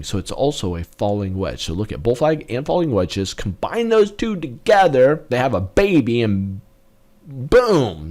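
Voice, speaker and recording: Animated man walking through stock charts. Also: lowish voice. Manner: animated, punctuates moves with sound effects. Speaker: trading educator. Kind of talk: chart walkthrough lesson.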